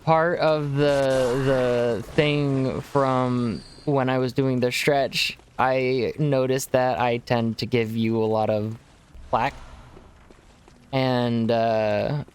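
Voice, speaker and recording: A man's voice: medium pitch, fairly even intonation, very slow. Sex: man. Style: chatty gaming streamer. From Texas. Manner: chatty, rambling, jumps into silly voices. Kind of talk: casual chat while playing. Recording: noisy stream audio.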